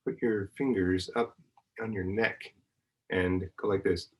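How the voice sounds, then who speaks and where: A man's voice: deep voice, fairly even intonation, measured pace, low-quality recording. A man, a university professor, patiently walking children through a hands-on science demonstration at home, singing notes and making vocal sounds to show how they work. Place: family home.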